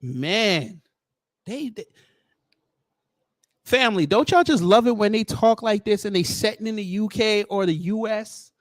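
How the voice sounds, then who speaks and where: A man hosting a commentary show, reacting in a mocking, slangy and animated way. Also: high-pitched, measured pace, pauses often, no echo.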